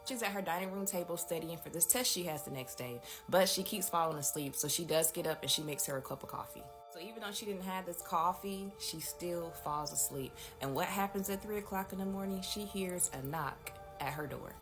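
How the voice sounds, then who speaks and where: A woman hosting a casual storytime, narrating a spooky tale in a chatty way and talking straight to her viewers. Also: on the low side. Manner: chatty, addresses viewers directly. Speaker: storytime host. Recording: music playing behind the voice.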